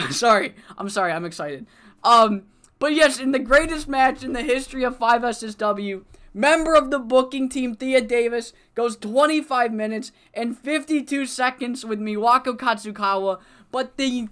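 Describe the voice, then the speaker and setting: A man streaming a wrestling management game, talking casually, thinking out loud and swearing freely. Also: extremely high pitch, normal speed, clear, resonant tone. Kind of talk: casual let's-play commentary.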